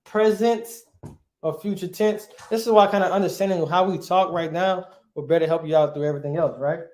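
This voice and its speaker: A man's voice: high voice, fairly even intonation, fairly quick, darkish tone, echoey room. A male teacher giving a grammar lesson, asking his class questions and answering them himself, often checking with "right?".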